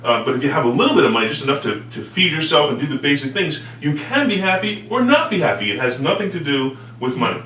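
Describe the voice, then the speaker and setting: A man hosting a talk show, agreeable and quick to chime in, sharing his own view on money and happiness. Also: a little high, big pitch swings, sharp tone. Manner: quick backchannel, agreeable, repeats "right". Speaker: show host. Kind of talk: conversational interview. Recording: roomy, distant mic, faint hum.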